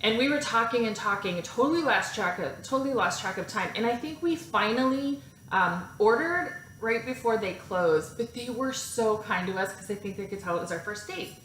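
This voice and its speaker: Animated woman telling a story in an echoey room. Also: fairly high pitch, normal speed, slight background noise. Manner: animated, laughs often, self-mocking. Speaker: vlog host telling a personal story. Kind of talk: casual storytelling to camera. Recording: echoey room with faint ambience.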